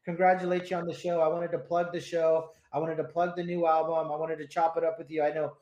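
A man's voice: fairly high pitch, level tone, fast, a little mellow. A man hosting a casual radio chat, laid-back and rambling, swearing often as he tells stories. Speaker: radio host. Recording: roomy echo.

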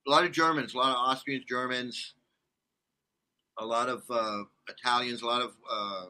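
Bright-voiced man in his sixties. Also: mid-range voice, moderate pace. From California, US. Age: 60s. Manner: rambling, animated storytelling with restarts. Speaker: guest. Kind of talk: casual interview chat.

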